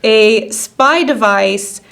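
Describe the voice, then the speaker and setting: A woman's voice: fairly high pitch, drawn-out words, vocal fry, a bit bright. A woman co-hosting a podcast in casual chat, skeptical and sarcastic. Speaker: podcast co-host.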